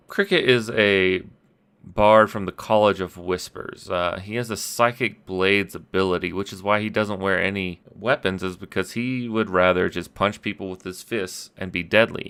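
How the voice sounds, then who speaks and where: A man's voice: sits low, sharp tone, smooth. A man casually recapping his tabletop game session as game master, rambling and self-deprecating. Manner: rambling, self-deprecating, with restarts and quick quoted voices. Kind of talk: casual solo recap podcast. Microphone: audio-only podcast mic.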